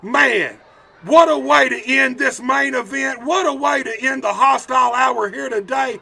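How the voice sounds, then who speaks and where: A man doing excited play-by-play commentary for a wrestling show, shouting with hyped emphasis. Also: very high-pitched, unhurried, vocal fry, a faint crowd, a little hiss or hum.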